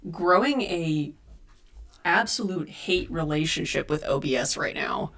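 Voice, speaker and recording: A woman's voice: deep voice, expressive, unhurried, fairly bright tone. A woman chatting casually with her viewers on a live stream from home, reading and answering chat and troubleshooting her audio. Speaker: cosplay streamer. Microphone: desk USB mic.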